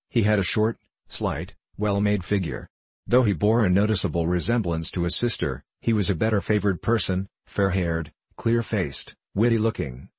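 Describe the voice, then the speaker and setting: Guy reading an old novel aloud, low husky voice, steady, dry close sound. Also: dry recording. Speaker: audiobook reader. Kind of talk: classic novel narration.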